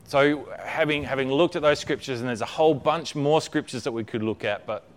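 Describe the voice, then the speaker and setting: A man's voice: medium pitch, fairly quick. A man preaching a conversational sermon, often checking in with his listeners and repeating words as he builds a point.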